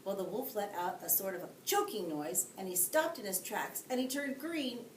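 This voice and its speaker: Woman teacher reading a bedtime story, very lively up-and-down delivery, echoey room, mic set back. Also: mid-range voice, moderate pace. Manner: expressive, asides to young listeners. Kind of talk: read-aloud storytelling. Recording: echoey room, distant mic, faint hiss.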